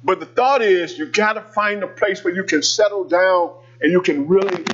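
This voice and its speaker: Husky preaching pastor, man. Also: high voice, normal speed, hardly any pauses, a bit bright, lo-fi sound. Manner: conversational preaching with call-outs to the congregation. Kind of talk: sermon storytelling.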